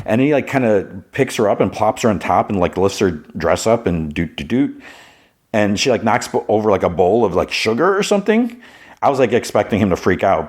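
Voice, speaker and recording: A man's voice: lowish voice, darkish tone. A man hosting a podcast, recapping a TV episode in a chatty way, full of "like" and "you know.". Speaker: podcast host.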